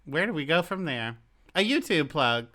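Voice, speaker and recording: A young woman with a strikingly low voice and a bright, forceful edge co-hosts a casual podcast. She is chatty and teasing and drops quick asides. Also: sing-song. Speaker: podcast co-host. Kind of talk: casual chat.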